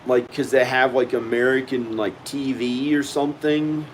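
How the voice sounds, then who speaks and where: A man's voice: medium pitch, steady tone, normal speed, slight background noise, poor audio. A man vlogging at home in a casual, rambling monologue, often repeating himself as he talks to the viewer. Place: at home indoors.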